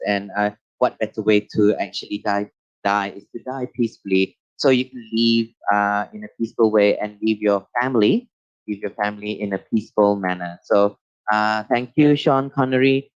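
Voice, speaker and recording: A man with a Malaysian accent hosting a live online talk show, talking haltingly with many uh and um fillers and repeated phrases. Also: mid-range voice, clean tone, no room sound. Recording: muffled lo-fi dry sound.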